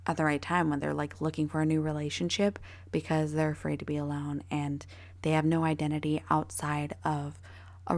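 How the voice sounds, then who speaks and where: A young woman rambling through her solo podcast in a blunt, profane, casual way. Her voice sits a little low and carries a gravelly fry. She piles on fillers and curses as she goes. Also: darkish tone. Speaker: podcast host.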